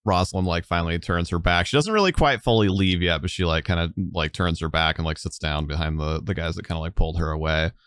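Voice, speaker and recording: A man's voice: deep voice, quick pace, few pauses, fairly bright tone, clean tone, no room sound. A man narrating a tabletop game as game master, rambling with many fillers.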